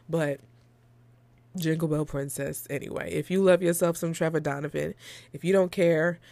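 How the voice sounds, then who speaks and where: A woman's voice: deep voice, fairly even intonation, moderate pace, gravelly, darkish tone, no echo. A woman hosting a podcast, chatting casually and animatedly, often laughing. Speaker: podcast host. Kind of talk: casual chat.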